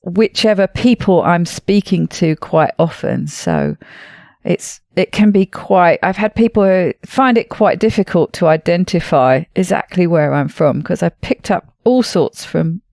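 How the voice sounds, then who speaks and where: A woman's voice: fairly low pitch, sing-song, unhurried, darkish tone, no room sound, studio quality. A woman podcast host with a Southeast English accent, chatting casually and laughing often. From Southeast England. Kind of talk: casual interview chat.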